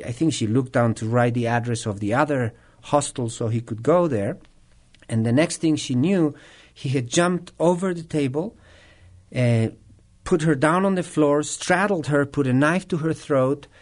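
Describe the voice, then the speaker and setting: A man who trains people in nonviolent communication answers interview questions and tells a story, speaking thoughtfully with frequent pauses and restarts. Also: medium pitch, a little mellow.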